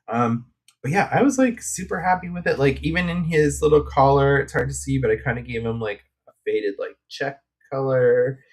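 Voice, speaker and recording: Speaking at a moderate pace in a medium-pitched voice, a man hosts a live coloring stream from his craft desk. He chats casually and rambles, with plenty of fillers and asides.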